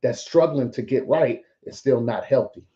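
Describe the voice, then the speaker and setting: A man speaks earnestly and reflectively as a podcast guest. His voice is very dark and mellow. It comes through muffled, lo-fi call audio. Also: mid-range voice, moderate pace. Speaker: guest, veteran business owner. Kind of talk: casual podcast chat.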